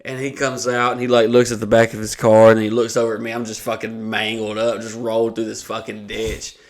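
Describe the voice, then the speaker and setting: A man's voice: fairly low pitch, monotone, a little fast. Profane man telling a rambling story. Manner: profane, rambling anecdote with lots of fillers. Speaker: podcast host. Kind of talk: casual storytelling chat.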